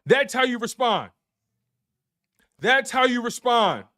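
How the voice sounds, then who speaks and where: This man's voice is extremely high, very animated, bright and forceful, yet his pace is slow. He hosts a live-stream sports recap, hyped up and talking straight to his chat, repeating phrases for emphasis while reacting to super chats.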